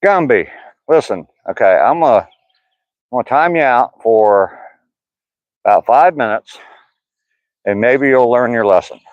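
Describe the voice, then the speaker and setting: A man's voice: medium pitch, expressive, measured pace, long pauses, dry recording, dull audio. An older man chatting casually with live chat viewers by name on an outdoor walk, mentioning his sore hip. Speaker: vlogger reading live chat.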